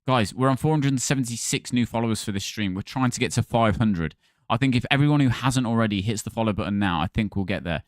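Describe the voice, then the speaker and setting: A man's voice: mid-range voice, fast talker, no echo, studio quality. A man hosting a gaming livestream, chatting casually and thanking viewers by name.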